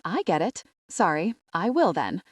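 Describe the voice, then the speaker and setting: A woman's voice: on the low side, very animated, unhurried, breathy edge, no echo, studio quality, heavily acted. A woman reading an audiobook, voicing a nervous young groom who answers sheepishly and evasively. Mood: flustered.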